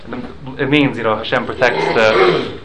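A man's voice: mid-range voice, moderate pace, very noisy. A man teaching a Talmud class, explaining rules with examples and often repeating and restarting his words.

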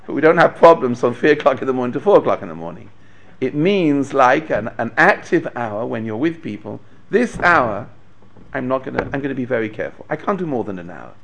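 Brief: male rabbi giving a Torah class, gravelly voice with a lively, swooping pitch, an animated storyteller. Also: a little fast, a little hiss or hum. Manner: animated storyteller, acts out quotes, chuckles. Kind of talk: Torah lecture.

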